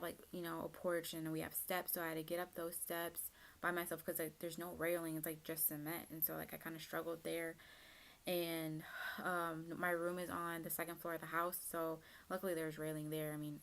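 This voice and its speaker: Gravelly-voiced young woman telling a story. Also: fairly low pitch, fairly bright tone. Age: young adult. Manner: chatty, lots of fillers. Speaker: vlogger. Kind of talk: casual storytime.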